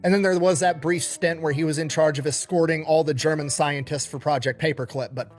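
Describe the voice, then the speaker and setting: Animated high-voiced man telling a story. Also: a little fast, faint music behind. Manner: animated, profane, acts out quoted dialogue. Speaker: storyteller recounting history. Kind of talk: casual storytelling.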